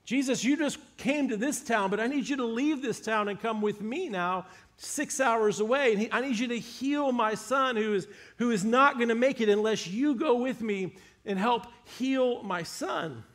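A man's voice: very high-pitched, moderate pace, few pauses, fairly bright tone, pitched above the performer's own voice. A man preaching, voicing a desperate father who begs for his dying son to be healed. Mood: pleading. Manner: urgent, pleading.

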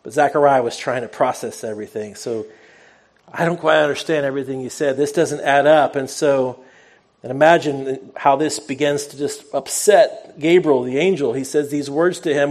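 A man preaching in a relaxed, conversational storytelling way, at an ordinary middle pitch for a man. He stays earnest and personal, and he pokes fun at himself now and then. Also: moderate pace. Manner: self-deprecating humor. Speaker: pastor. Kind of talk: sermon.

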